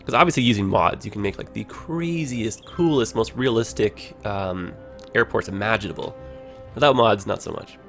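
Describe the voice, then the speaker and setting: A man's voice: lowish voice, normal speed, gravelly, fairly bright tone, faint music behind. A man with a Toronto Canadian accent, chatting casually over his gameplay as a livestreamer and filling his talk with "like" and "you know".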